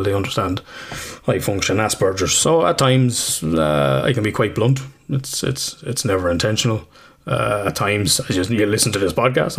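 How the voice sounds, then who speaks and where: A man with an Irish accent, co-hosting a casual podcast chat, rambling, swearing freely and laughing at himself. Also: on the low side. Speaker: podcast co-host.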